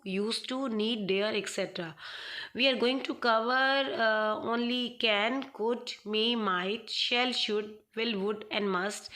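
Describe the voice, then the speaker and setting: A woman's voice: a little high, bright, forceful tone. A woman teaching a grammar lesson to students in a recorded online class. She hesitates often with fillers and repeats her points for emphasis. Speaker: English teacher. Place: home.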